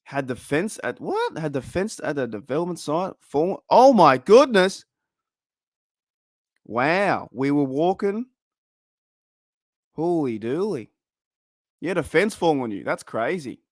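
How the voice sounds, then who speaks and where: With a voice on the high side, sing-song and a little mellow, a young Australian man runs a laid-back fan podcast over his webcam. He talks at normal speed with few pauses, slangy and chatty, chuckling at himself.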